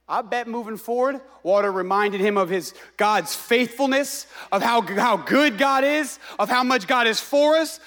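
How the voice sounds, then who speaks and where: A man's voice: sits high, bright, forceful tone. A man preaching a sermon with passion, exclaiming and repeating phrases for emphasis.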